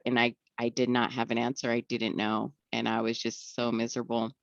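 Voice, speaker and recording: A woman's voice: extremely low pitch, flat delivery, a little fast, creaky, few pauses, no room sound, muffled recording. A young woman tells her recovery story in a candid way, acting out the voices of the people she quotes and often laughing.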